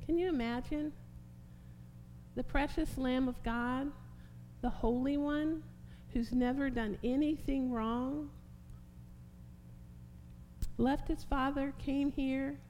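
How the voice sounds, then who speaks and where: A woman's voice: high-pitched, steady tone, slow, pauses often, warm tone. A woman preaching a sermon, impassioned and rising to emphatic peaks. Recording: long hall reverb, faint hum.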